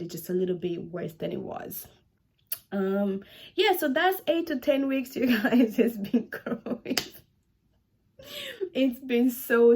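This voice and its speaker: A woman in her twenties talking casually to camera in a home vlog, animated and chatty, repeating herself for emphasis. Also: mid-range voice, vocal fry. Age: 20s. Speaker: vlogger.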